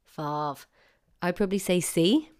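Low, smooth-voiced Irish woman podcaster. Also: moderate pace. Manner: wry, mock-outraged, chatty. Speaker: podcast host. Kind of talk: solo podcast monologue.

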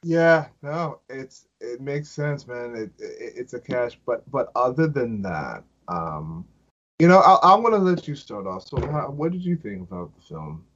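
A man's voice: mid-range voice, big pitch swings, measured pace, a bit bright, highs cut off. A man speaking as a podcast guest, casual and hesitant, stumbling through fillers and restarts.

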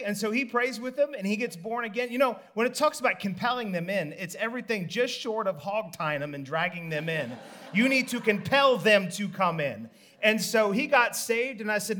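A man preaching a sermon, telling a story with energy and acting out the people in it. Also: moderate pace. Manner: animated storytelling, acts out the people in the story in higher voices, laughs.

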